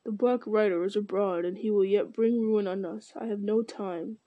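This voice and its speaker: A woman's voice: medium pitch, steady tone, moderate pace, dry recording, phone-quality sound, natural voice. A woman reading aloud, voicing a grave, stern old male wizard who speaks in terse, solemn sentences. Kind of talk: audiobook character voice.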